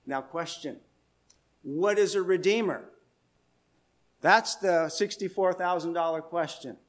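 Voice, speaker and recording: A man's voice: fairly high pitch, unhurried, pauses often. A male pastor preaching an expository sermon, explaining step by step in a conversational way and putting questions to his listeners.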